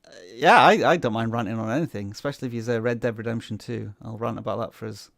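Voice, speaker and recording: A man's voice: medium pitch, quick pace, vocal fry, a bit bright, no echo, studio quality. A man hosting a casual livestream, rambling and joking with lots of fillers and restarts. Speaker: livestream host.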